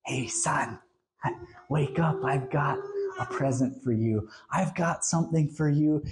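A woman voicing God as a gentle, fatherly figure in a sermon, speaking low and hushed. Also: takes it slowly, background noise. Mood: tender.

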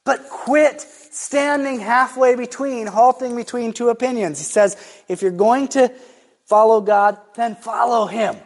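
Male preacher, sermon, casual and emphatic, drawn-out stress on key words. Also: very high-pitched. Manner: conversational, emphatic, slows down to stress points.

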